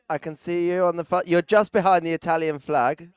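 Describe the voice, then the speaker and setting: Male arena announcer, playful and chatty, smooth higher voice, dry close mic. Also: steady tone, a little fast, no room sound. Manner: chatty, teasing, jokey asides to people around the arena. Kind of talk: live event commentary.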